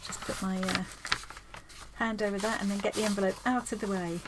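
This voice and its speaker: A woman's voice: medium pitch, steady tone, fairly quick, noisy background. Chatty woman, rambling and effusive. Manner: rambling and effusive, with many restarts. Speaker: craft vlogger. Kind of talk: casual chat while opening post.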